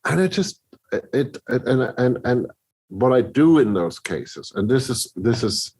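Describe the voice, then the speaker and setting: A man's voice: medium pitch, measured pace, breathy edge. A middle-aged man, a composer, telling stories in a podcast interview, restarting his sentences and acting out other people's reactions. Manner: animated storyteller, many restarts, acts out others' reactions. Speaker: film composer, guest.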